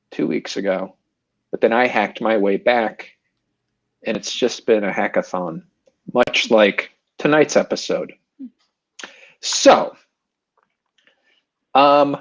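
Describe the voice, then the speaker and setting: A game show host on a video call, upbeat and quick to laugh, running a comedy stream. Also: medium pitch, highs cut off. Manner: giggly, upbeat, frequent laughs.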